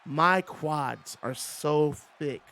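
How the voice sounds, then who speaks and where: A high-pitched man hosts and commentates on a video game wrestling match in a casual, chatty way. He rambles, swears, stretches out his words, and grows excitable as he tells stories between the moves.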